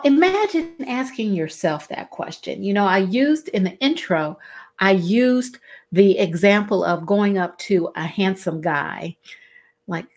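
A middle-aged woman, talking to her listeners in a casual, expressive way and acting out the questions she quotes. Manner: expressive, acts out quoted questions with big pitch swings. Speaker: host.

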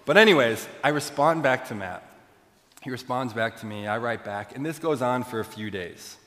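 A young man preaching, telling a self-deprecating story in an animated way to his church. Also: mid-range voice, moderate pace. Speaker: pastor. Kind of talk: storytelling sermon. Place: large church hall. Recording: long hall reverb.

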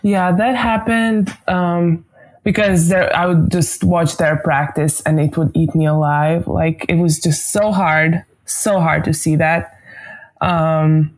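A young woman tells her story as a podcast guest. She sits a little low in her pitch and keeps it loose and chatty, scattering "like" all through her talk. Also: slow pace. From Croatia. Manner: chatty, animated, many "like" fillers. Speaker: guest, basketball player. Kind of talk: casual storytelling in an interview.

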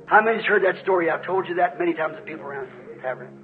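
A man with a high-pitched voice preaches to a congregation, wandering through a personal testimony with earnest, rambling asides. He speaks straight to the people in the pews. The recording sounds dull and lo-fi. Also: animated, racing, soft background music. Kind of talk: sermon testimony storytelling. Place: church before a congregation.

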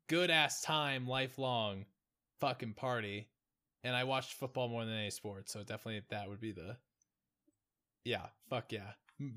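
A man's voice: medium pitch, bright, forceful tone. A man co-hosting a podcast, bantering casually and swearing freely in joking chat. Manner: profane, jokey banter. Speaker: podcast co-host.

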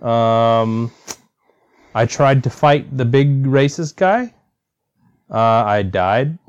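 A man's voice: medium pitch, animated, drawn-out words, smooth. A man co-hosting a casual podcast, joking and reacting to the others. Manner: joking, reactive, laughs along. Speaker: podcast co-host. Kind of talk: casual chat. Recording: dull lo-fi sound.

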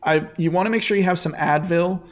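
A man's voice: sits high, brisk. A man hosting a podcast, talking in a hesitant way with many fillers. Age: adult, getting older. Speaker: podcast host. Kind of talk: casual podcast chat.

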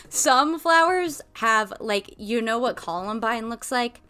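A woman's voice: a little high, animated, slow pace, pushed and bright, clean tone, faint music behind. A young woman co-hosting a casual podcast, rambling with lots of "like"s and breaking into giggles. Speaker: podcast co-host. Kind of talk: casual chat.

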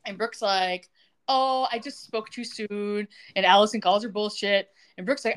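A woman with a mid-range voice co-hosts a podcast, casually recapping a TV episode at a normal speed. She retells it with animation, acting out the characters' lines and laughing along.

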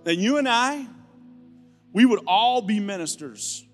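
A male pastor preaching a sermon, animated and playful, telling stories and acting out voices. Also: sits high, a little slow. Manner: animated, storytelling with playful asides. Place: church sanctuary. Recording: live church hall with music.

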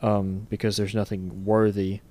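A man's voice: on the low side, monotone, measured pace, warm tone. A man co-hosting a casual faith discussion, speaking thoughtfully and working from his notes.

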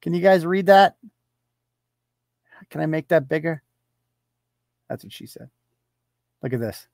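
A man's voice: on the high side, sing-song, moderate pace, long pauses, no echo. A man hosting a live online show, reading posts off his screen and firing back with sarcastic, profane mockery. He chuckles through his jabs. The sound is dry and close, with no room around it. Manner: reads posts aloud off screen and talks back to them.

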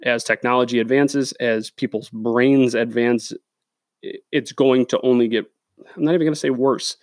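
A man's voice: medium pitch, steady tone, normal speed, darkish tone, no echo, clean studio sound. A man hosting a solo sports podcast, ranting bluntly and profanely, with lots of "uh" and "again". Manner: blunt, profane, opinionated, with many fillers. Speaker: podcast host. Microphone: studio microphone.

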